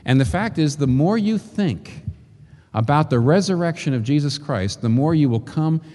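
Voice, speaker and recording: A man preaching a sermon in an animated way, acting out quoted voices and repeating phrases for emphasis. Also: fairly high pitch, moderate pace, long reverb tail.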